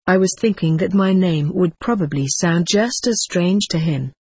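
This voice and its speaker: Breathy woman narrating a memoir. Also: on the low side, normal speed, darkish tone, dry recording. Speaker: audiobook narrator. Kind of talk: first-person memoir narration.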